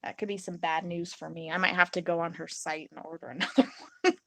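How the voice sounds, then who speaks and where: A woman's voice: lowish voice, fairly even intonation, fast, gravelly, pushed and bright. A young woman live-streaming her resin crafting in a casual, rambling chat. She reads and answers viewers' comments and acts out her own reactions in little quotes.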